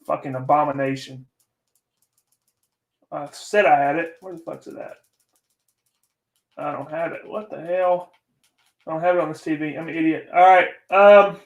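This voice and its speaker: A man's voice: fairly high pitch, steady tone, moderate pace, pauses often, dull audio. A young man hosting a casual livestream, ranting and swearing in frustration while chatting with viewers. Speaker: livestream host.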